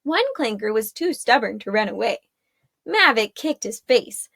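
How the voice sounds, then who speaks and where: A woman narrating a chapter of a fantasy story in a steady storytelling manner. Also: fairly high pitch, normal speed, vocal fry, dry recording, clean studio sound. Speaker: audiobook narrator. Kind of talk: scripted narration.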